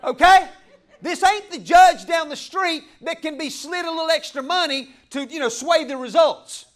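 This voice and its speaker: A pastor with a drawl preaches with fiery passion, his voice pitched unusually high for a man. He swings from loud exclamations to quieter asides, laughing as he drives his points home in a church. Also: normal speed. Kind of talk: sermon.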